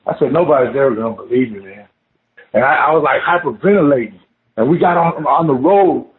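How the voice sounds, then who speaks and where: A man casually telling a scary story of his own, animated and swearing, saying "man" at every turn. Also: mid-range voice, fairly quick. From Oklahoma. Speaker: guest telling an encounter story. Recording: phone-line call audio.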